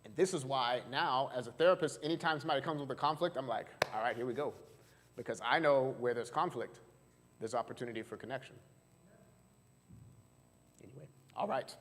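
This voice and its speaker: With a mid-range voice, this therapist speaks a little fast but pauses often, delivering a chatty seminar to a live church-hall audience. He's a male marriage and family therapist who leans on fillers and keeps putting questions to listeners. Long hall reverb fills the recording, along with slight hiss or hum.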